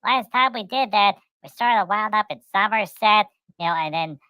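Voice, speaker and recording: Woman playing bright rambling third-person chatterbox. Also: mid-range voice, moderate pace, clean tone, no echo, close to an everyday voice. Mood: chatty. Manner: rambling, repeats words, speaks of itself in third person. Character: cheerful guest who talks about itself in third person. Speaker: podcast guest. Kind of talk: rambling storytelling chat.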